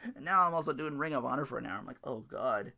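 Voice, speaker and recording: A man hosting a solo recap podcast, talking in an animated, ranting way, laughing often and swearing freely. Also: medium pitch, fast, creaky. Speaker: podcast host.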